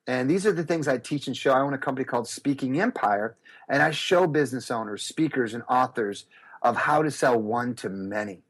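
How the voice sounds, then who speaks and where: A middle-aged man telling stories as an interview guest, acting out quotes with big jumps in his voice. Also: a little fast. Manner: lively, acts out quotes with big pitch jumps. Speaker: guest speaker and business coach. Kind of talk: animated storytelling interview.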